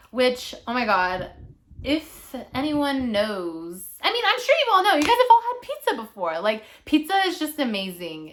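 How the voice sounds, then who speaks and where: A woman in her twenties telling a personal story to her viewers in a chatty, animated way. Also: medium pitch. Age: 20s. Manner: chatty, animated, lots of "like" and "you know". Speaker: vlogger. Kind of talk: casual storytime monologue.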